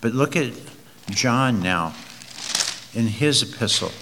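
A man's voice: medium pitch, animated, big-room sound, noisy background. A man preaching an expository sermon, reading verses aloud and leaning hard on key words. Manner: slow, emphatic, drawn-out stresses on key words.

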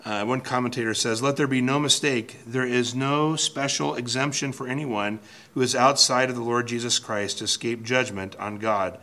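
Guy doing a bible study, bright clear voice, stops and restarts a lot while he thinks. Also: mid-range voice, fairly even intonation, moderate pace. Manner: thoughtful, restarts phrases, reads quotes aloud. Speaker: Bible teacher. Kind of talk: verse-by-verse Bible teaching.

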